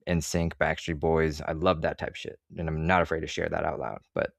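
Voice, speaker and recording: A man's voice: extremely low pitch, flat delivery, brisk, gravelly, no room sound, studio quality. A man ranting to camera as an online commentator, swearing freely and sarcastic, with rambling asides. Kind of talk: profane opinion rant to camera.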